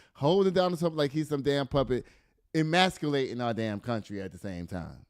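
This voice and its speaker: A man hosts a loose news commentary show, reading headlines and then riffing on them with laughter and the odd curse. His voice sits at an ordinary middle pitch. The sound is dry and close, with no room around it. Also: fairly quick, clean tone, no room sound. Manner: animated, laughing, swearing, reads news aloud then riffs. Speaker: podcast host.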